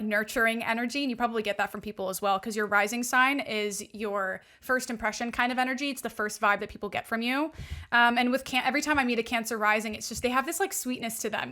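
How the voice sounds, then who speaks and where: A young woman talks quickly in a bright, higher voice. She explains astrology to her hosts in a chatty, upbeat way, dropping "like" constantly in casual podcast conversation. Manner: chatty, upbeat, heavy use of "like". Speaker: astrology and alignment coach guest.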